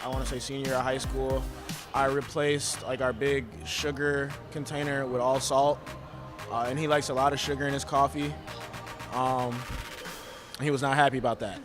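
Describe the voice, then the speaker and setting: A man's voice: medium pitch, little pitch movement, normal speed, over music. A young man telling a prank story in a matter-of-fact way. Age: young adult. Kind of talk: casual anecdote.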